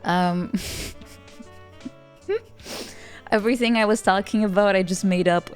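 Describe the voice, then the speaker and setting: A woman's voice: mid-range voice, steady tone, a little slow, soft background music. Giggly Dutch woman chatting on stream. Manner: giggly, playful, frequent laughter and stammered restarts. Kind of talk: casual chat with stream viewers.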